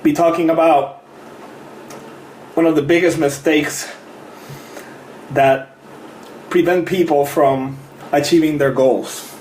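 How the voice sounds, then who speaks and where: A man's voice: fairly high pitch, steady tone, slow, pauses often, darkish tone. Upbeat man chatting on a livestream. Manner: friendly, greets viewers by name, laughs often. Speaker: fitness coach. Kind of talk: casual live-stream chat. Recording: roomy echo with faint noise.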